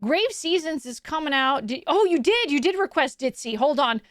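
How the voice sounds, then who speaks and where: A chatty woman hosting a casual live stream, with a high voice and a bubbly, upbeat way of answering her viewers. The sound is dry and close, with no room echo. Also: lively intonation, moderate pace, hardly any pauses. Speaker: VTuber streamer.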